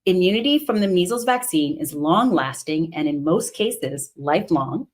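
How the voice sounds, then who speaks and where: A woman's voice: on the low side, animated, normal speed. A woman doctor co-hosting a health show, explaining facts in a firm, explanatory way. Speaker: co-host, doctor.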